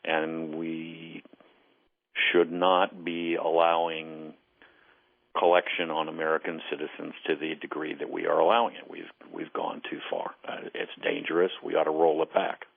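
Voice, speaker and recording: A man, a former intelligence case officer, speaking as a guest on a call-in radio interview. He is earnest and deliberate and often repeats words as he starts a thought. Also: rumbling low, creaky. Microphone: telephone. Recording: phone line.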